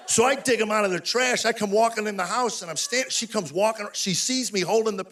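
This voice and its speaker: An older man performing live stand-up comedy on stage, telling rapid-fire stories with exasperated punchlines. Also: high voice, fairly bright tone. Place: stage before a live audience.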